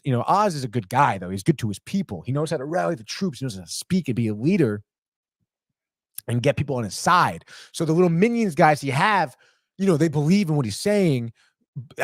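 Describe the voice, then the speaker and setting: A young man hosting a podcast and excitedly recapping a TV episode, swearing often and acting out the characters' lines. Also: medium pitch, a little fast, dry recording, studio quality. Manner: excitable, says "dude" constantly, swears, acts out the characters' lines. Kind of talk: casual chat.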